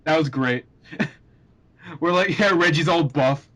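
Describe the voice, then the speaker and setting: A young man with a somewhat high voice hosts a casual group chat. He rambles through his points with plenty of fillers. He laughs often as he talks. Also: takes it slowly, fairly bright tone. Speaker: podcast host.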